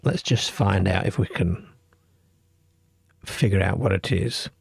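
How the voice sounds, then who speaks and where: A man from the UK hosts a late-night call-in radio show. His voice sits low, with a gravelly, husky grain. He talks in a chatty way and reads listener comments aloud, recorded dry and close to the mic. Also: a little slow, no room sound. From United Kingdom.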